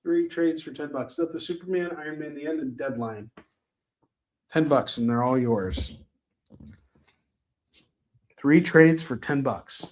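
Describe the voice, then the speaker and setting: A man's voice: a little high, darkish tone, slight background noise. Chatty man hosting a live sales stream. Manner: chatty, talks to viewers by name, quick apologies and self-mocking jokes. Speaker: live shopping stream host.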